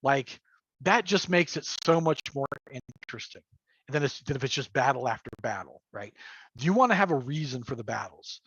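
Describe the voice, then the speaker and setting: A man's voice: mid-range voice, lively intonation, normal speed, a bit bright, husky, no echo, dull audio. A middle-aged man talking as a livestream guest about running games, rambling with many fillers and frequent laughs. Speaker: guest, game master and crafter. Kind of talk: casual livestream chat.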